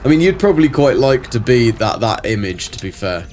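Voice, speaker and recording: A man's voice: mid-range voice, sing-song, brisk, darkish tone, a little hiss or hum. A middle-aged man on a casual live game stream, answering chat and muttering to himself as he plays.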